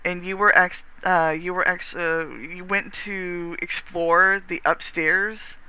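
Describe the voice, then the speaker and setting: A streamer with a Texan accent, chatting casually with viewers while gaming, rambling warmly with lots of restarts and the odd swear. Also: mid-range voice, fairly even intonation, takes it slowly, smooth.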